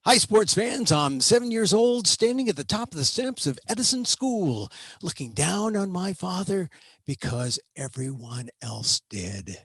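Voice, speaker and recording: A man's voice: high-pitched, very animated, measured pace, breathy edge, no room sound, clean studio sound. A man in his sixties from San Francisco, telling a personal story with wry, self-mocking humor and frequent "uh" restarts. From San Francisco, United States.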